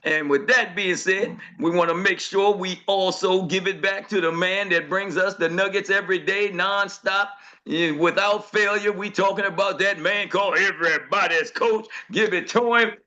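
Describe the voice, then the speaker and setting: A man's voice: sits high, fairly even intonation, normal speed, bright, forceful tone, dull audio. A man hosting a motivational morning call, speaking in a rhythmic, preacher-like cadence full of repeated thanks.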